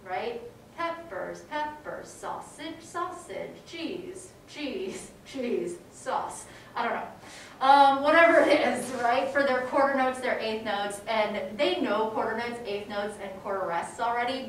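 A woman teaching a music education class in a casual, animated way, now and then singing short rhymes. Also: mid-range voice, a little hiss or hum. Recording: echoey room, mic from a distance.

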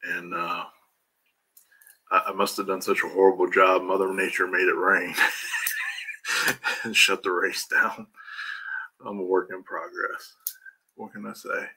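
A middle-aged man with a Midwestern American accent chats loosely on a live stream, greeting viewers one by one. His low voice has a gravelly fry and a bright, forceful edge. He swears casually and breaks into laughter often. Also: little pitch movement, a little slow, pauses often. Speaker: livestream host and EFI tuner.

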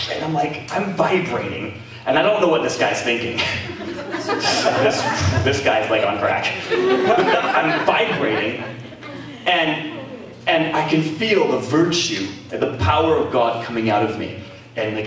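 A man with a Canadian accent preaching a sermon as pastor, telling stories in an animated way with laughter and exclamations. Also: mid-range voice. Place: church meeting hall. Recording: echoey room from far off, faint noise.

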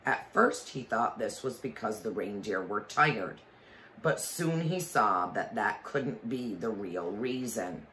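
Guy reading a kids book out loud really slow, bright clear voice, stops to explain stuff. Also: mid-range voice, slight background noise. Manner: slow, expressive, explains to listeners. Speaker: reader. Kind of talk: reading a storybook aloud with comments.

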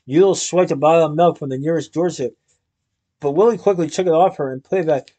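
Casting: male reader, fairly high voice, storybook narration with lightly voiced characters. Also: a little fast, warm tone. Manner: reads with small restarts, gives characters lightly different voices. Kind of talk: reading a children's novel aloud.

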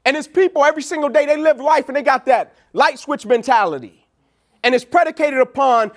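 A young adult man from Atlanta, USA, gives a motivational keynote speech at a large event venue, telling stories animatedly and acting out what people said in dialogue. His voice is very high and a little fast.

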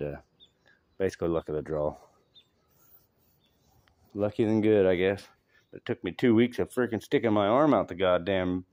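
A man's voice: deep voice, a little mellow, no echo. A middle-aged man, giving a casual, rambling, profane update to the camera. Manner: profane, rambling, talks in short bursts. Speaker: vlogger.

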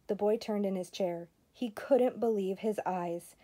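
Older woman, grandmother, mellow voice, steady expressive read-aloud, children's story. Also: mid-range voice, a little slow, hardly any pauses.

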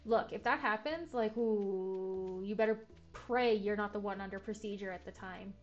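A woman's voice: medium pitch, moderate pace, lo-fi sound, faint music behind. A young woman streaming a game, chatting casually, full of filler words and jokey asides. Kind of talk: casual let's-play commentary.

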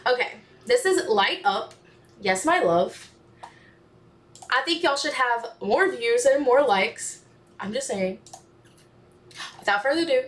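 An excitable young woman hosts a casual reaction video, her voice sitting fairly high as she gushes and calls out to the singers. Faint music plays behind her. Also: unhurried, long pauses. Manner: excitable, gushing, talks to the performers on screen. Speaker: music reaction channel host. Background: faint music playing.

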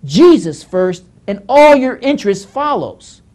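A man's voice: sits high, very animated, unhurried, darkish tone. A male pastor giving a Bible teaching lecture, emphatic and scolding, who often repeats phrases as he works through the text.

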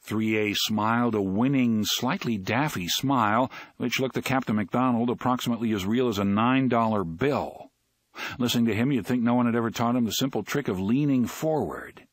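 A man reading a novel aloud as an audiobook narrator, in an expressive, dramatic way. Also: mid-range voice, normal speed, dry recording.

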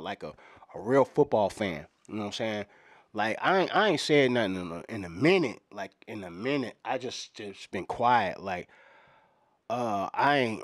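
A man's voice: mid-range voice, no room sound. Rambling man with a dry close sound. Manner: rambling, digressive, full of "you know what I'm saying". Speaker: comedian doing a mock fan press conference. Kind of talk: rambling parody press conference. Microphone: microphones in front of him at a podium.

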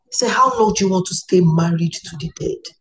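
A woman's voice: on the low side, a little fast, fairly bright tone, slight background noise, poor audio. A woman interviewing a guest in a Christian interview, attentive and affirming with frequent murmurs.

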